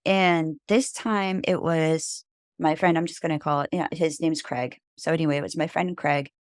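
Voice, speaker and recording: Female guest, low register, casual rambling storyteller, dry close sound. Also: steady tone, moderate pace, no echo. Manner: rambling, filled with "like" and "you know". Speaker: podcast guest.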